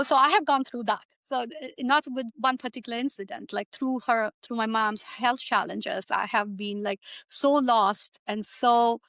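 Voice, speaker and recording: A middle-aged woman from India who works as a physician talks through interview questions, regularly using "like" and closing sentences with "right?" Her pitch is fairly high and her tone fairly bright, on a dry recording.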